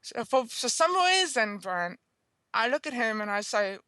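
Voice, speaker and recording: A woman guest author tells a personal story in an interview, earnest and chatty, often checking in with the listener with "okay?" and "you know." Her voice is a little high, pushed and bright, with big pitch swings and a measured pace, and there is no echo.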